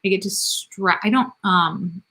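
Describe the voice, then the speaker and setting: Her medium-pitched voice is bright and forceful, with a steady tone and an unhurried pace. She's a nurse practitioner in her thirties responding to viewer comments in a live Q&A, chatting candidly, poking fun at herself and laughing a lot.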